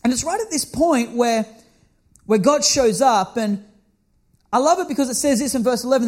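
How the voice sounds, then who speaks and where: A young man preaching, telling a funny personal story with animated, self-mocking bursts and laughter. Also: very high voice, normal speed, pauses often. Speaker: pastor. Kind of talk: storytelling sermon.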